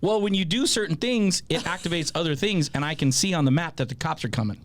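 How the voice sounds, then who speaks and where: A man hosting a podcast, telling a long story in a casual, animated way, with a lot of swearing and laughter. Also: a little high, fast, no room sound. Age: adult with a child. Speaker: podcast host.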